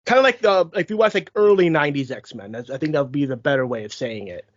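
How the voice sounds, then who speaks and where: A podcast co-host in casual chat, explaining points in a measured way. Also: medium pitch, animated, no echo. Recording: dull lo-fi dry sound.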